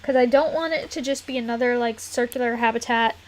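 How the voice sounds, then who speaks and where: A woman's voice: on the high side, fairly quick. Chatty, giggly woman streaming a game. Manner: chatty, giggly, rambling with many fillers. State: throat getting a little rough. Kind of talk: casual live-stream chat while playing. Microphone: desk mic in a closed room.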